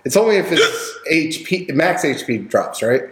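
A tabletop game player talking in an animated way and laughing often. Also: medium pitch, moderate pace, reverberant, a little hiss or hum, poor audio. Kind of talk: casual tabletop game play.

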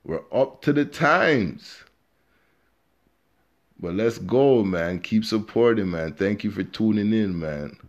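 A man's voice: fairly low pitch, animated, takes it slowly. A man hosting a podcast in a casual, slangy and profane unscripted monologue, speaking straight to his listeners. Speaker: podcast host.

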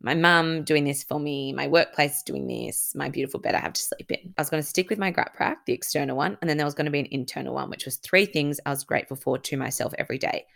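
Low, gravelly young woman telling a story. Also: fast, few pauses, a bit bright. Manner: candid and chatty, full of "like" and reported speech; swears casually. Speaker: podcast host. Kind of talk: casual personal storytelling.

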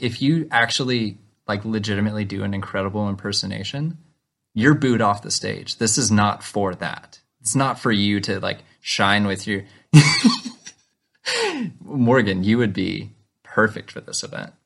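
A man co-hosting a podcast in casual chat, playfully pitching ideas and joking with his co-host. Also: moderate pace, gravelly, a bit bright.

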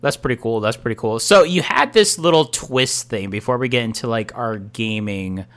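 A young man with a bright, forward voice and a smooth, clear tone co-hosts a podcast. He sounds enthusiastic, but he often stops and restarts with ums. He talks in a relaxed, chatty way. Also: mid-range voice, moderate pace. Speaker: podcast co-host. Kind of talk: casual chat.

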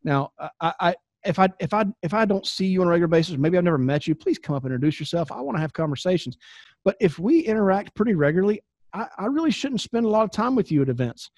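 High-voiced blunt man coaching on camera. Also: fast talker, no echo, clean studio sound. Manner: blunt, animated, acts out quoted exchanges; frequent restarts and repeated words. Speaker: business coach. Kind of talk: instructional talk to camera.

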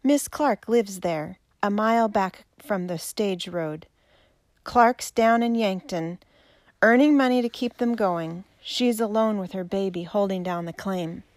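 A proud frontier man drawls his words and pushes back hard, as a woman reads him. He turns loud and forceful, and the voice sounds dry and close. It comes from a storybook reading. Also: medium pitch, measured pace, no room sound, lightly acted. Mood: defiant.

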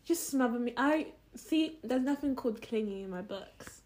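A young woman co-hosting a podcast in casual chat, blunt and frank with quick interjections. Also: fairly high pitch, lively intonation, darkish tone. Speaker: podcast co-host.

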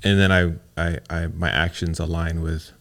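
A man's voice: sits low, flat delivery, moderate pace, gravelly, a bit bright. A man in his thirties co-hosting a podcast, telling stories casually and acting out the quoted voices of other people. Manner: storytelling, acts out quotes in a raised voice. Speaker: podcast co-host. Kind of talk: casual chat.

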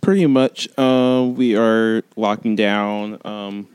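A man's voice: on the low side, fairly even intonation, slow pace, a little mellow, clear, resonant tone, no echo. A man co-hosting a podcast, talking in an upbeat, chatty way and laughing often. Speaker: podcast co-host. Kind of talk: casual podcast chat.

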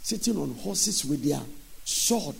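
A man preaching a sermon in an emphatic, sing-song way with sudden loud bursts. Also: on the high side, expressive, takes it slowly, vocal fry, husky.

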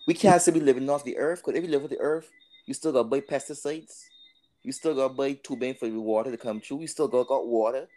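A man co-hosting a podcast in casual chat. He talks haltingly, repeats words and thinks out loud. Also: mid-range voice. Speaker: podcast co-host.

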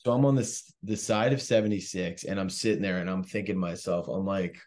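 A very deep-voiced young man from South Jersey spins a long story in loose, casual chat. He swears freely and tells it with animated energy. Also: quick pace, few pauses. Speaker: comedian guest.

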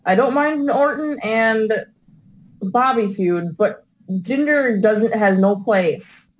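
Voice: medium pitch, slow pace, rough recording. Laid-back co-host chiming in. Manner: laid-back, brief interjections. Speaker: podcast co-host. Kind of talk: casual chat.

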